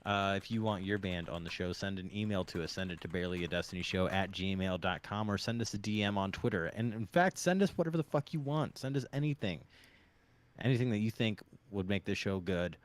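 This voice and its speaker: Male podcast host, low voice, loose joking delivery, casual live-stream chat. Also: steady tone, fairly quick, few pauses, smooth.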